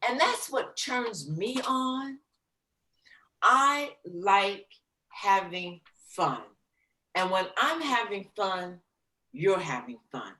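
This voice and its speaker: A woman jazz singer being interviewed, telling her stories with lively, theatrical flair and acting out the quotes. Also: mid-range voice, slight background noise. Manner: animated, theatrical storyteller who acts out quotes. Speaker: guest, jazz vocalist. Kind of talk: casual storytelling interview. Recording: roomy echo.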